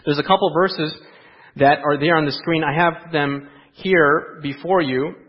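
A man delivers a sermon in a church, asking his listeners rhetorical questions. He drops into quiet asides, then lifts his voice for emphasis. His voice sits a little high, and the recording sounds dull and muffled. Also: fairly even intonation, unhurried. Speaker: pastor. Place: church sanctuary.

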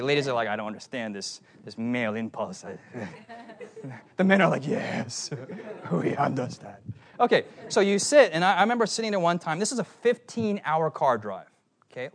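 A man preaching a sermon, telling stories in an animated way and putting questions to the congregation. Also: on the high side. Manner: animated storytelling, asks the crowd questions.

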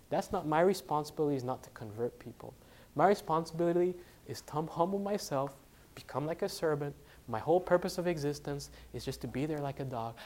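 A man's voice: fairly high pitch, darkish tone. A man preaching a sermon and telling a personal story, conversational and full of fillers, dropping to a near whisper for quoted lines and rising to stress a point. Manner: frequent fillers and self-corrections. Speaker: preacher, literature evangelist.

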